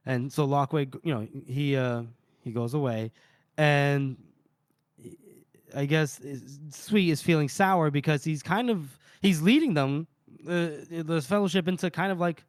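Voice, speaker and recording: A man with a fairly high, smooth voice walks his co-hosts through a chapter, slipping in quick character lines as he retells each scene. The sound is close and dry, with no room behind him. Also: no echo. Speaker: podcast co-host. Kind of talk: casual book discussion podcast.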